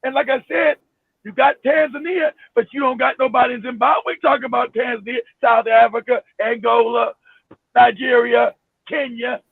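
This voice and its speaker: A man with a very high, gravelly voice rants heatedly at his live-stream audience, swearing freely and breaking into shouts. The sound is narrow and phone-like, dry and close, with no room around it. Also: steady tone, normal speed, no room sound. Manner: emphatic, profane, bursts into shouting; repeats himself, many restarts. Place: home in Florida.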